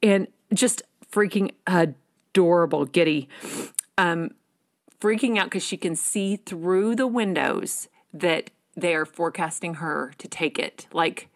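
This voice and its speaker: A woman co-hosting a casual podcast chat, retelling scenes with gushing enthusiasm. Her voice sits fairly low for a woman, and she throws herself into every moment. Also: slow. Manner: animated storyteller who acts out quotes; gushing, emotional. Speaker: podcast co-host.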